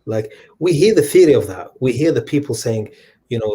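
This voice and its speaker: Husky guy telling stories, animated, keeps restarting his sentences. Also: medium pitch, brisk. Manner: animated storyteller with frequent restarts. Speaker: guest, humanitarian charity leader. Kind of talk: storytelling in a conversation.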